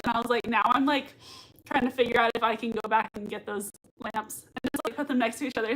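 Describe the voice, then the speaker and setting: A young woman hosting a livestream, reading viewer comments aloud and gushing about a TV show in a casual, excitable way full of "like" and "oh my God". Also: fairly high pitch, fast, a little hiss or hum, rough recording. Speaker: livestream host reacting to a TV show.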